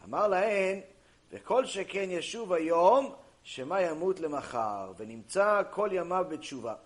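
Guy with a highish voice giving a torah class, animated, plays out both sides of conversations. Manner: animated, acts out dialogues, reads Hebrew quickly. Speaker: Torah teacher. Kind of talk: mussar lecture.

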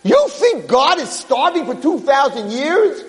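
A man voicing a furious older male rabbi who shouts scornfully at a peasant. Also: very high voice, very animated, drawn-out words, creaky, pitched above the performer's own voice, heavily acted. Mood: furious scolding. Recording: long hall reverb.

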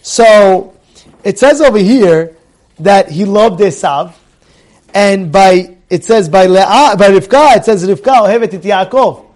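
With an unhurried, high voice, a middle-aged man leads a lively Torah class. Repeated phrases drive home his points, and he questions his listeners while drawing on Hebrew terms.

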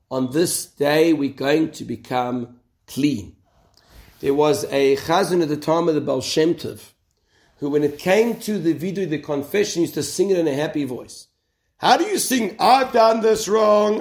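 Rabbi-type male speaker, rousing Torah talk, high gravelly voice, answers his own questions. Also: a little mellow.

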